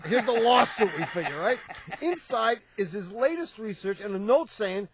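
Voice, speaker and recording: A man co-hosts a radio call-in show, his voice very high and bouncing all over the place. He banters loosely and breaks into wheezing laughter. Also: lively intonation, moderate pace, a little hiss or hum. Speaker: radio co-host. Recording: radio studio broadcast.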